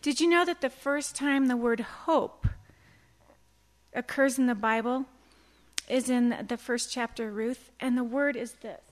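A middle-aged woman teaching a devotional Bible talk, earnest and animated, telling stories and acting out quotes. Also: a little high, unhurried. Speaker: women's Bible study teacher.

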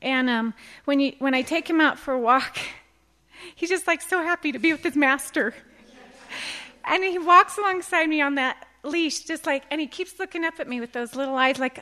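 Bright, high-voiced woman giving a devotional talk. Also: moderate pace. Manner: earnest, animated storytelling with acted quotes. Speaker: women's Bible study teacher.

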